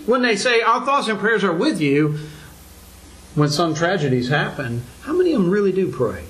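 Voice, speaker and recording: Higher-voiced older man preaching a sermon. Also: bright, forceful tone, rough recording. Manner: earnest preaching with many rhetorical questions, voice rising for emphasis.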